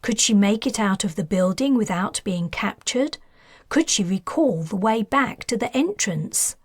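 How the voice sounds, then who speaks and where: A woman, the author, reading her science fiction audiobook in a measured, even manner. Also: medium pitch, slightly rough, dry recording, studio quality. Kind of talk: scripted audiobook narration.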